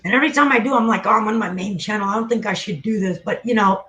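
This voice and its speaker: High-voiced man rambling on a livestream. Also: fast, bright, forceful tone, slight background noise, rough recording. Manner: loose and profane, trails off mid-sentence. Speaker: livestream host. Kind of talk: casual rambling livestream chat.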